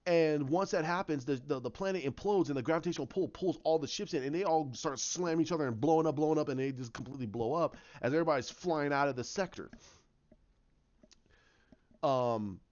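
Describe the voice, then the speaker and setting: A man casually retelling his own story idea, rambling with many restarts and acting out the quotes in a lower voice. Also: a little mellow. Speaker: fan commentator. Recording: dull lo-fi sound.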